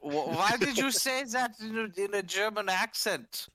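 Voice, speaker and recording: A man's voice: sits high, expressive, normal speed, sharp tone, dry recording, studio quality. A young man chatting casually with friends, brash and mocking, swearing often. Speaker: friend in group chat. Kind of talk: casual chat.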